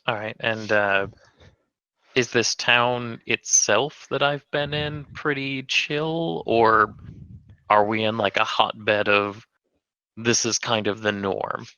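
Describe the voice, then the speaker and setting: A man's voice: lowish voice, fairly even intonation, slow pace, sharp tone, clear, resonant tone, no echo, muffled recording. A man playing a tabletop game who asks the game master curious questions. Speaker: player. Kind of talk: casual tabletop game chat.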